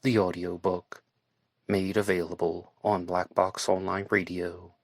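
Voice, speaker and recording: A man reading an audiobook in steady, measured scripted narration. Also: sits low, dry recording, studio quality.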